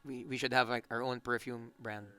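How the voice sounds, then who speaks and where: A Filipino band member in a relaxed, joking interview chat, rambling with restarts. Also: male voice, mid-range voice, a little fast. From Philippines.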